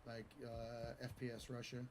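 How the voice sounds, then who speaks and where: A man streaming a video game with casual, joking commentary, muttering to himself and bursting into excited yelps. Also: mid-range voice, normal speed. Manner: joking, self-mocking, swings between mutters and yelps. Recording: gameplay noise and gunfire behind.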